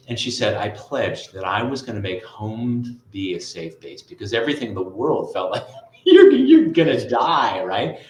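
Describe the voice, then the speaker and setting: A middle-aged man, a guest tutor and author, telling stories in a lively conversational interview and often adding "right?". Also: fairly low pitch, echoey room, slight background noise, rough recording. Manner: lively, storytelling, frequent "right?" asides.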